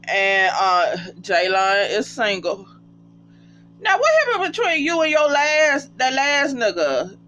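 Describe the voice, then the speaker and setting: A casual reality TV recapper talking straight to viewers, often breaking into high, cracking laughter. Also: big pitch swings, takes it slowly, bright, forceful tone. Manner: chatty, addresses viewers as y'all. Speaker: TV show recapper. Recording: dull lo-fi sound with faint hum.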